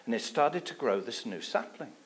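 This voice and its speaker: A man from England giving a sermon with a personal testimony, telling his story in a lively way and dropping his voice low for asides. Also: moderate pace. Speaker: guest preacher.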